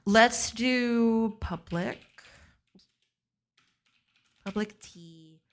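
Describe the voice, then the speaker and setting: A woman's voice: on the high side, very slow. A woman game developer, heard through a voice changer, thinking aloud and explaining code step by step in a casual, giggly live-stream chat.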